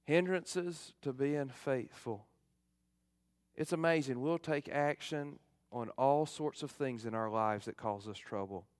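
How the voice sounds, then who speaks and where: A middle-aged male pastor giving a fervent sermon, swinging from loud emphasis to hushed appeals. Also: medium pitch, no echo.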